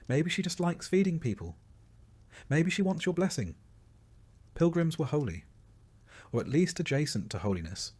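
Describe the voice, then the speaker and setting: Low-voiced man narrating a bedtime history. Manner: soft, soothing and unhurried.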